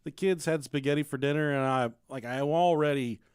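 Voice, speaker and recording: A man's voice: a little high, a little fast, clean tone, dry recording, clean studio sound. A man in his thirties co-hosting a podcast, telling crude stories full of swearing and mimicking his family. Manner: profane, storytelling, mimics family members. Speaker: podcast co-host. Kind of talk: crude casual chat.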